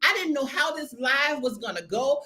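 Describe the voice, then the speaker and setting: A woman's voice: sits high, lively intonation, normal speed, over a noisy crowd. A woman from the United States hosting a live video Q&A, talking emphatically and straight to her viewers. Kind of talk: casual live-stream chat. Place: lives in Kenya.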